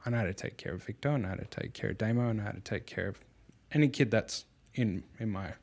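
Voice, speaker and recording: Casual podcast host, a young dad, low gravelly voice, rambling and loose. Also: male voice, quick pace, a little mellow. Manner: rambling, frequent fillers and restarts. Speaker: father.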